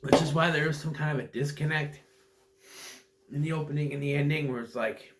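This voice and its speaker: A man's voice: a little high, steady tone, fairly quick, slight background noise. A man giving a casual, rambling movie recap that meanders and often loses its thread. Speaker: movie reviewer.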